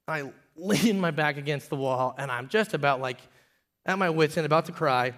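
A pastor in his thirties preaches with a fairly high voice for a man, telling stories from his own life. He climbs to loud, emphatic peaks, then drops to a hushed, confessional tone. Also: a little slow, long pauses. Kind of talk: sermon.

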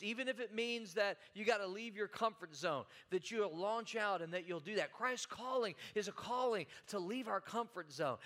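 A man's voice: high-pitched, pushed and bright. A male pastor preaching a sermon in a folksy, conversational way, often stumbling and repeating words.

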